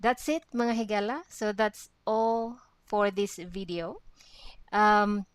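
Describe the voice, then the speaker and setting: A woman's voice: medium pitch, steady tone, slow, clear, resonant tone, no room sound. A woman teaching a language, explaining a short dialogue patiently and repeating each word several times. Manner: addresses viewers as friends.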